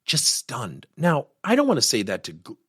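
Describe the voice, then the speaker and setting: A middle-aged man hosting a coaching podcast, telling a work story in an animated, personal way. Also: mid-range voice, moderate pace, slightly rough, dry recording, studio quality. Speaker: podcast host and workplace coach. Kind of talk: podcast monologue.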